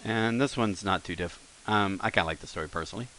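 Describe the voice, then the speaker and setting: A man teaching a language lesson over a screen recording, relaxed and thinking aloud with fillers and self-corrections. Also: fairly low pitch, fast, slight background noise.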